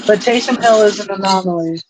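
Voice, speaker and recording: A woman's voice: medium pitch, brisk, a little mellow, a little hiss or hum. A woman co-hosting a podcast, chatting casually and swearing freely as she calls out plays from a football game. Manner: profane, running play-by-play remarks. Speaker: podcast co-host. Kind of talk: casual chat while watching football. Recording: dry, dull lo-fi sound.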